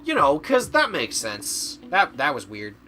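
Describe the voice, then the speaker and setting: A man's voice: fairly high pitch, huge pitch swings, unhurried, pushed and bright, faint music behind. A man streaming a video game, chatting casually and rambling, often stumbling over his words. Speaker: VTuber streamer. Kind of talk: casual gaming stream chat.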